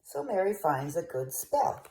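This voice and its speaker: A woman's voice: lowish voice, very animated, measured pace, darkish tone, a little hiss or hum. An older woman reading a picture book aloud to children, coaxing and asking the listener questions. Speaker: storyteller.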